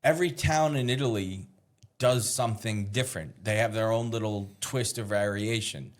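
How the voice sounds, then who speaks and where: A man's voice: fairly low pitch, normal speed. A man, a chef guest in a casual interview, explaining things as he thinks aloud, with small restarts along the way.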